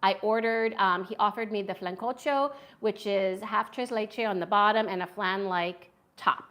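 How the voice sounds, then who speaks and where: A woman's voice: medium pitch, normal speed, fairly bright tone. A woman hosting a casual live-stream food review at home, chatty and enthusiastic as she reads viewer comments aloud. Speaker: food vlogger.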